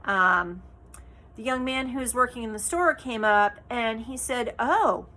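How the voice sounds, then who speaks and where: A woman's voice: on the high side, measured pace, bright, forceful tone. A woman vlogging in a casual, chatty way, telling a story with many fillers and tag questions like "right?" and "okay?", sounding indignant and exasperated.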